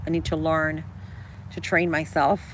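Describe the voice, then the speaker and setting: A woman's voice: deep voice, little pitch movement, measured pace, slight background noise, poor audio. A woman chatting casually with her livestream viewers, rambling and calling them girl and guys. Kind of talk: casual live chat.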